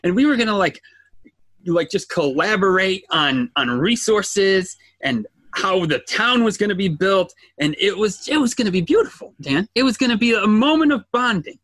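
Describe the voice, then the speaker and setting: A man co-hosting a podcast, telling a family story in animated casual chat and acting out the quotes. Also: sits high, normal speed, dry recording. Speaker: podcast co-host.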